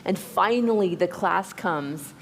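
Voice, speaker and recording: A woman's voice: on the low side, slow, slight background noise. A woman casually adding her side to a story told with her partner. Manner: chimes in to finish and correct his story.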